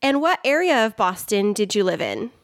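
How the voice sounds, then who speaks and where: A woman's voice: mid-range voice, big pitch swings, moderate pace, dry recording, studio quality. A woman co-hosting a podcast, friendly and curious in her questions. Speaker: podcast co-host. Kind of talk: casual podcast chat.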